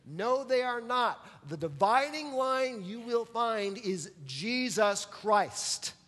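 A man's voice: extremely high pitch, animated, slow pace, a bit bright, big-room sound. A man preaching a sermon as pastor, emphatic and pressing his listeners to answer back. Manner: emphatic, calls for audience response.

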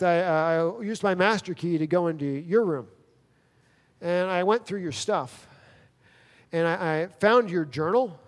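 A man preaching a sermon, telling a personal story in a conversational way with quoted dialogue. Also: high-pitched. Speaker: pastor. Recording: long reverb of a large hall.

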